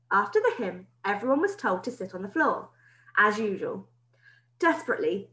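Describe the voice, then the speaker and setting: A woman teacher reading a children's book aloud in an expressive storytelling way. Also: medium pitch. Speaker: primary school teacher. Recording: roomy echo.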